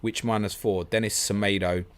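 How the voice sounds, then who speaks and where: Guy on a live stream q&a, deep voice, rattles through questions casually. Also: steady tone. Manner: chatty, reads out questions and answers quickly. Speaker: podcast host answering viewer questions.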